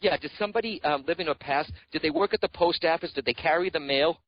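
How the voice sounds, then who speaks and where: A man's voice: a little high, fast talker, no echo, highs cut off. A man giving a psychic reading on a radio show, talking in an earnest, reassuring way and often calling the caller by name. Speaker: psychic medium guest.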